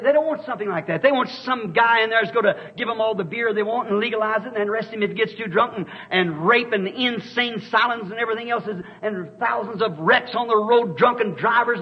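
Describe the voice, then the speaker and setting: A man's voice: high-pitched, breathy edge. Fiery preacher man on an old tape. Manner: impassioned, rising to shouts, storytelling asides. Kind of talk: fiery revival sermon. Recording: dull lo-fi old sermon tape.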